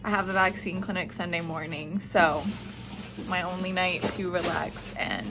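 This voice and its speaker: A woman's voice: fairly low pitch, steady tone, normal speed, heavy background noise. A young woman in her twenties, a nursing student, chatting casually to camera in a rambling way, full of "like" and "I don't know". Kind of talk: casual vlog chat.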